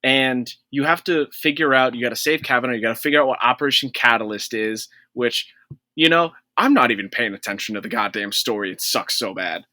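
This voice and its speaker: A man's voice: medium pitch, a little fast, bright, forceful tone, dry recording. A man co-hosting a casual gaming podcast, ranting in an exasperated, profane way. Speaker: podcast co-host.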